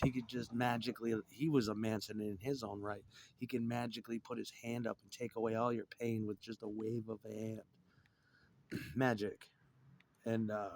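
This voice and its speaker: A man's voice: on the low side, a little mellow. Profane rambling middle-aged man. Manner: profane, rambling, jumps between topics. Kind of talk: rambling monologue.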